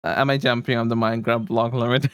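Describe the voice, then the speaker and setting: A man's voice: mid-range voice, little pitch movement, fast talker, smooth, dry recording, studio quality. A man livestreaming, rambling casually to his chat with frequent chuckles while he fiddles with settings.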